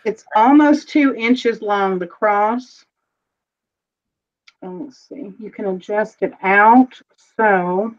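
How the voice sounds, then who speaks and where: A woman talks her way through a live jewelry sale, chatty and unhurried, describing each piece in detail and dropping in the odd filler. Her voice sits at an ordinary pitch. The stream audio is dull and lo-fi. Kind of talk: casual live-stream selling chat.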